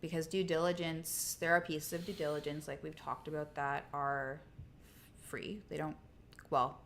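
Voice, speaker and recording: A woman's voice: sits low, little pitch movement, normal speed, a bit bright, slight background noise. A woman co-hosting a casual livestream chat, talking in a conversational way with frequent restarts. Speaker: co-host.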